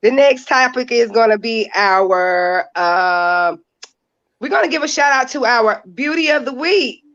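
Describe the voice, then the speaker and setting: A woman's voice: fairly high pitch, lively intonation, unhurried, a bit bright. A woman co-hosting a casual podcast chat, laughing and emphatic. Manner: giggly, emphatic. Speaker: podcast co-host. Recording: dull lo-fi sound.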